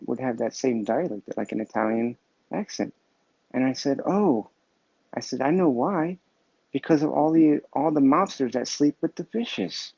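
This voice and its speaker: A man hosting a weekly positive message, talking in a halting, rambling way with many restarts and fillers. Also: medium pitch, gravelly, warm tone, slightly rough, no echo. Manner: halting, full of restarts and fillers, self-amused. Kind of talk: rambling casual monologue. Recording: dull lo-fi dry recording.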